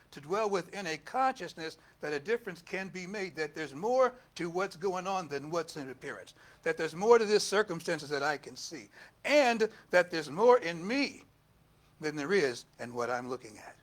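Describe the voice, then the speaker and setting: An older man preaching a storytelling sermon as pastor, animated and laughing, acting out quotes in a raised voice. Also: on the high side.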